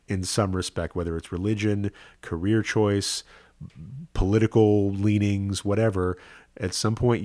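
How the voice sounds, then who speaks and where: Earnest low-voiced rabbi, man. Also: dry recording. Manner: earnest, conversational, often adds "right?". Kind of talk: personal storytelling to camera.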